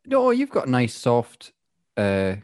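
A man's voice: medium pitch, wildly swooping pitch, slow, darkish tone, no echo, studio quality. A man, co-hosting a podcast in casual chat, wry and often trailing off into a mutter. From Perth, Scotland. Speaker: podcast co-host.

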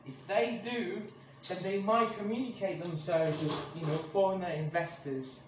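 Man ranting on a podcast, high voice, angry and swearing, echoey room, noticeable background noise. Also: moderate pace. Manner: angry, swears a lot, many restarts. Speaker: podcast host. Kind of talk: casual ranting monologue.

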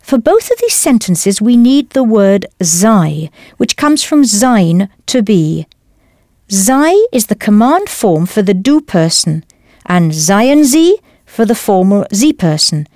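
A woman leading a scripted audio language lesson with clear, encouraging instruction. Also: medium pitch, sing-song, slow, warm tone, no room sound, clean studio sound. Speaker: language course teacher.

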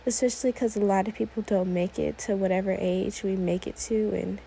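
18 yr old girl rambling on her podcast, lots of fry, kinda wanders off topic. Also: medium pitch, steady tone, brisk, mellow, a little hiss or hum, rough recording. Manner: rambling, often sidetracked, many "like"s. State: a little emotional, teary. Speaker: podcast host. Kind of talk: casual solo podcast monologue.

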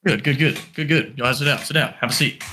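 A man's voice: medium pitch, fast talker, noisy background, voice pushed up, close to an everyday voice. A man voicing an old, folksy and creepy girlfriend's dad in an improvised comedy sketch, drawling and calling everyone son. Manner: soft-spoken.

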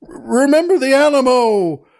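Man doing a brash Texas oil man shouting. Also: high-pitched, animated, unhurried, voice pushed up. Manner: shouting up, hearty.

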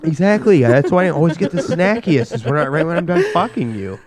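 A man co-hosting a podcast in crude casual banter, playful and quick to laugh. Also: a little high, very animated. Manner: loud, playful, bursts into shouting and laughter. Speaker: podcast co-host.

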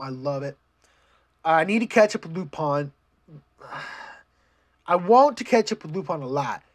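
A casual vlogger recapping shows in a loose, unscripted ramble. The speech is full of restarts and swearing, and it turns animated when acting out scenes. The pitch sits at a middling level. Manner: profane, rambling, many restarts. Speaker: anime fan vlogger.

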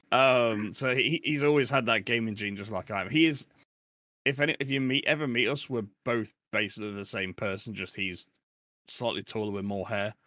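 A middle-aged man chats about gaming in a rambling, good-humoured way, chuckling at himself. His voice sits low. The sound is close and dry, with no room around it. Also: normal speed, sharp tone, no room sound. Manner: rambling, self-deprecating, laughs often. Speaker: podcast guest, streamer. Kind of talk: casual chat.

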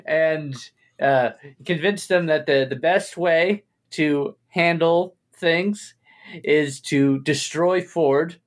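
Slow-talking laid-back game master. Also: male voice, on the high side. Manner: laid-back, chuckling narration with filler words. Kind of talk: narrating a tabletop game.

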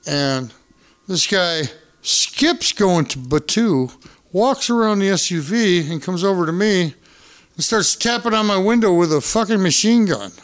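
A man telling a wild travel story as a podcast guest, profane and animated, acting out what people said. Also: sits high, unhurried. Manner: profane, animated, acts out quotes. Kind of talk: casual storytelling.

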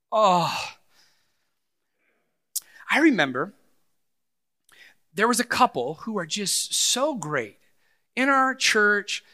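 A middle-aged man preaching a sermon as pastor, animated and swinging between loud passages and hushed ones. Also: high voice.

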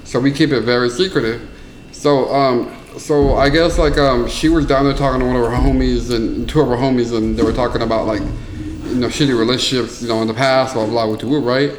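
A young man on a casual podcast, telling a story in an animated way with lots of crude slang. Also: medium pitch, a little fast. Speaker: podcast co-host. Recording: echoey room with faint noise.

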